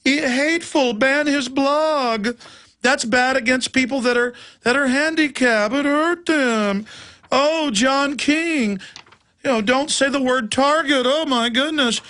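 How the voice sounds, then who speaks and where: A man's voice: extremely high pitch, slow pace, sharp tone, pitched above the performer's own voice, exaggerated voice. A man putting on a whiny, simpering voice to mock a prissy scold on his radio show. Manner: mocking, simpering, exaggerated. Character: shrill, whiny, prissy scold of either sex.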